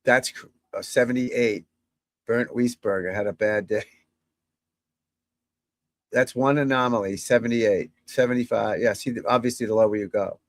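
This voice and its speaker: A man's voice: mid-range voice, fairly even intonation, moderate pace, long pauses, no room sound, poor audio. A man who works as a golf instructor, chatting casually and rambling to his viewers from a room at home and breaking off now and then to talk to his dog. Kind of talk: casual live chat to viewers.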